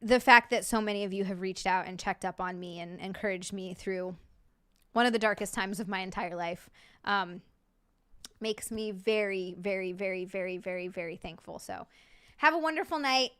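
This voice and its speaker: A live streamer from Hawaii chats casually late at night, gushing and playful as she rapidly thanks her viewers and tosses in fun asides. Her medium-pitched voice has fairly even intonation and a clear, resonant tone.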